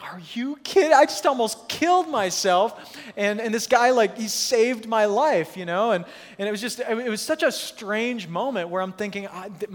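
Man, pastor, sermon storytelling, animated and self-mocking, high-pitched, echoing church hall. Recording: long hall reverb.

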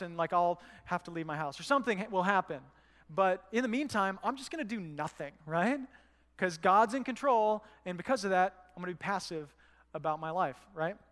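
A man's voice: high-pitched, a bit bright, clean tone, long reverb tail. A man preaching a sermon in a casual, conversational way, telling stories and acting out quotes. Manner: conversational, storytelling with acted quotes. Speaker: pastor. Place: church.

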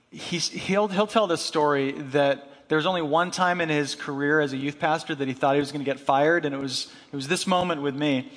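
A man with a noticeably high voice tells a story as part of a sermon. He talks casually, with fillers and quick asides, and the sound rings out with a long hall reverb. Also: a bit bright. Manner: casual, chatty, many fillers and "right?" tags.

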